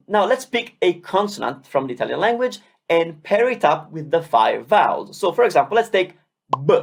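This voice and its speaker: A language teacher giving a beginner lesson, drilling syllables slowly and encouraging learners. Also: medium pitch, sing-song, creaky, breathy edge.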